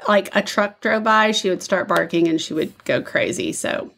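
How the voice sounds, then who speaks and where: A woman's voice: mid-range voice, normal speed, creaky, a bit bright, a little hiss or hum. A woman co-hosting a podcast from a room at home, chatting and reading listener letters aloud. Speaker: podcast co-host.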